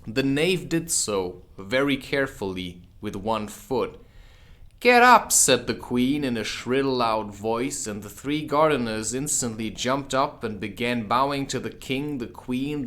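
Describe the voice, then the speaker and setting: A man reading a children's classic aloud as an audiobook, with casual asides. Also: mid-range voice. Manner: unhurried, expressive, drops in casual asides. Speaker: audiobook reader. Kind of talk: audiobook narration.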